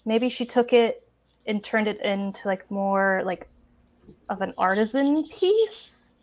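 A woman playing in a tabletop game over an online call, describing her ideas haltingly and searching for words. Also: mid-range voice, expressive, darkish tone. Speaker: player. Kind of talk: casual tabletop play.

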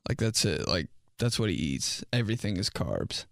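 A man's voice: fairly low pitch, big pitch swings, moderate pace, vocal fry, fairly bright tone, no echo, studio quality. A man in his twenties telling comic stories in a rambling, filler-heavy way. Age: 20s. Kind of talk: casual comedic monologue.

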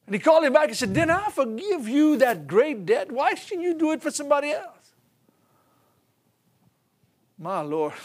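Preacher man, middle-aged, high voice, folksy, animated storytelling. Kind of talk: sermon.

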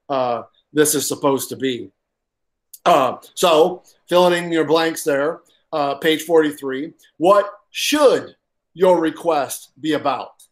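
A man preaching a sermon as pastor, stressing points with pauses for effect, repeating key lines and often filling gaps with "uh". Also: a little high. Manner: halting with frequent uh fillers.

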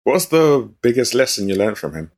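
A man's voice: medium pitch, very animated, normal speed, a little mellow. A man hosting an interview, asking questions in a curious, casual way. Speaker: podcast host.

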